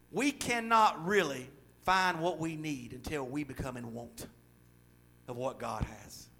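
A middle-aged man preaching a sermon, swinging between loud emphatic stretches and quiet, confiding asides. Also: sits high.

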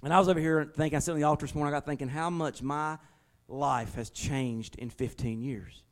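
A male pastor, preaching a sermon in a folksy, conversational way and leaning on slowed, emphatic stresses. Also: on the high side, steady tone. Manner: emphatic, with slowed dramatic stresses and acted-out prayers.

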